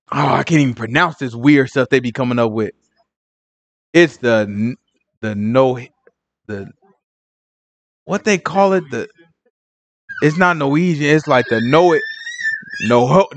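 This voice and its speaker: Animated man with street slang. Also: on the high side. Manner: street slang, repeats "you know what I'm saying"; animated and joking. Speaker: Bible teacher. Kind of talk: casual Bible study commentary.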